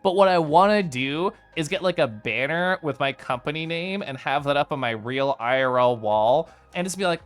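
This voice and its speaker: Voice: medium pitch, animated, normal speed, hardly any pauses, faint music behind. A livestreamer chatting casually with viewers, telling rambling stories full of fillers and mock outrage. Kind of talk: casual chat with a live stream chat.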